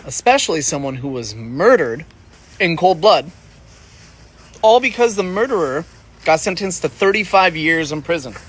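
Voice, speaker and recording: A man's voice: a little high, sing-song, moderate pace, husky. A man giving indignant, moralizing commentary as a voice-over.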